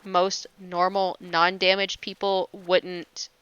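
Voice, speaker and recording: A woman's voice: on the low side, little pitch movement, slow, a bit bright, clean tone, no room sound, highs cut off. A young woman livestreaming while gaming, chatting casually and gushingly, laughing often and swearing offhandedly at herself.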